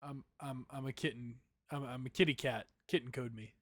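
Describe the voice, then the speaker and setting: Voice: steady tone, fairly quick. A tabletop game player chatting casually on a voice call, playful and teasing. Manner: playful, teasing, breaks into high meows. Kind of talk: casual chat before a game session.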